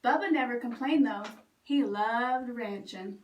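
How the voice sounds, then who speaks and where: A woman librarian reading a picture book aloud for children in a lively, expressive way. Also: fairly high pitch, a little slow, far from the mic, dull audio. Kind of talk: storytime read-aloud. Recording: roomy echo, away from mic.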